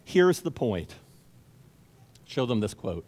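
A man's voice: lowish voice, very animated, moderate pace, pauses often, darkish tone. A man preaching a sermon as pastor, speaking emphatically and repeating key phrases for stress. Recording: long reverb of a large hall.

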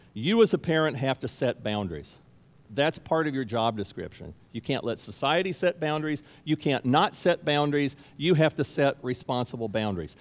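A man preaching a sermon as pastor, speaking emphatically and repeating key phrases for stress. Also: medium pitch. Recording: long reverb of a large hall.

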